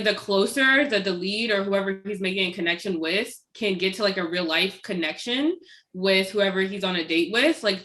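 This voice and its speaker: A woman's voice: mid-range voice, pushed and bright. A woman guest on a podcast, chatting casually and animatedly. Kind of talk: casual chat.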